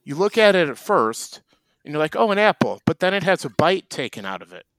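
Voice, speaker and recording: A man co-hosts a comedic chat show, ranting in a deadpan, mock-serious way. His voice sits a little high for a man. The sound is dry and close, with no room echo. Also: fairly quick. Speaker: co-host.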